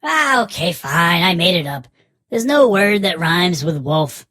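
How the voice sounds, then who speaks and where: A man voicing a sly old rhyming witch, teasing in a breathy half-whisper for a storybook. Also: sits high, sing-song, unhurried, sharp tone, no echo, clean studio sound, voice pushed up, heavily acted. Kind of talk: storybook voice acting.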